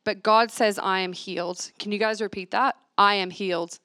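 A woman's voice: mid-range voice, steady tone, moderate pace, pushed and bright, no room sound, studio quality. A woman leading a church reflection, reading scripture aloud and asking the listeners to repeat affirmations after her. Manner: earnest, asks the room to repeat lines. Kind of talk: sermon with call-and-response scripture reading. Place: church gathering.

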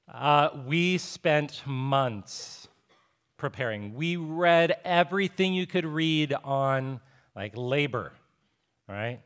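A man in his thirties preaching a sermon as a pastor, telling a personal story in a relaxed, conversational way with self-deprecating humor. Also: on the high side. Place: church sanctuary.

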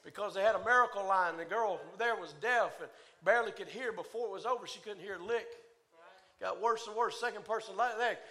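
Male preacher, high bright voice, rhythmic sermon delivery that climbs from hush to shout. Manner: swings from hushed to shouting, rhythmic preaching cadence. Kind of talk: Pentecostal-style sermon.

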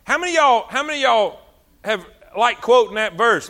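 A man preaching a sermon, animated, drawing out words for emphasis. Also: very high-pitched, a little fast.

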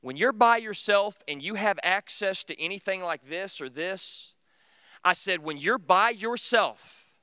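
A man's voice: sits high, bright, forceful tone, clean tone, no echo. A middle-aged man preaching a sermon in an earnest, conversational, storytelling way. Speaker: teacher.

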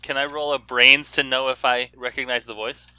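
A man's voice: mid-range voice, flat delivery, normal speed, sharp tone, smooth, no room sound. A man playing a tabletop game, eager and insistent. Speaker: player.

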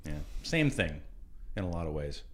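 A man's voice: deep voice, big pitch swings, moderate pace, a bit bright. A man co-hosting a podcast in casual chat, wry and questioning, often laughing. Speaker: podcast co-host.

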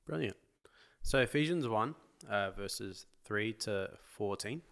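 A man's voice: fairly low pitch, animated, slow pace, gravelly, a bit bright. A man with an Australian accent, a church intern co-hosting a podcast, reading scripture aloud steadily with small self-corrections.

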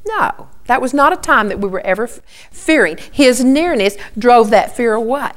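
A woman's voice: on the high side, lively intonation, normal speed, a bit bright. A woman giving an earnest Bible teaching, repeating key points and often starting with "okay".

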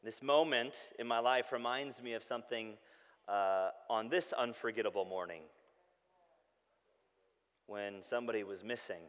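A man, preaching a sermon with animated storytelling that turns soft and hushed when he reflects. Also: fairly low pitch, normal speed, long pauses, big-room sound. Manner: animated storytelling, shouting when acting out calls. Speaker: pastor.

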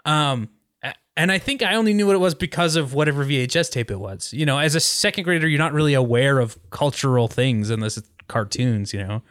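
A man's voice: mid-range voice, a little fast, a bit bright, no echo, clean studio sound. A man hosting a podcast, telling a rambling story in casual chat with lots of fillers. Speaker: podcast host.

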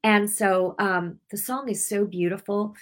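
Hosting her weekly broadcast, a middle-aged woman preacher weaves her own testimony into an earnest sermon. She has a medium-pitched voice and an unhurried delivery, rambling with emotion and frequently starting sentences over.

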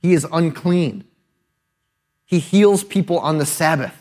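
Higher-voiced man preaching conversationally. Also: brisk, a little mellow. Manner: conversational and emphatic, often adding tag questions. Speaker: pastor. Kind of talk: sermon.

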